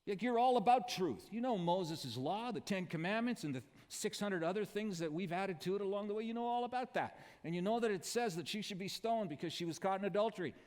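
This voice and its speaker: A man's voice: high voice, lively intonation, brisk, hardly any pauses, voice pushed up. A man doing smug, accusing religious men. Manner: accusing, mocking and loud. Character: indignant self-righteous male religious leaders. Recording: reverberant church hall.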